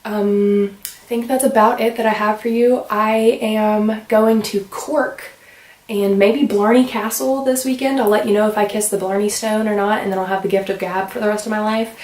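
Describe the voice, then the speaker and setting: Fast-talking young American woman vlogging. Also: mid-range voice, fairly even intonation, a little mellow, recorded from a distance. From United States. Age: young adult. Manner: fast, rambling, lots of "like" fillers. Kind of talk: casual vlog chat. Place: room at home. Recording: roomy sound from away from the mic.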